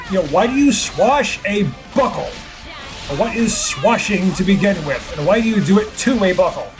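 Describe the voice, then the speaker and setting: A man doing gameplay commentary, ranting and sarcastic, poking fun at himself and others. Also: high-pitched. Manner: ranting, self-deprecating, sarcastic asides. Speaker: let's play host. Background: game music.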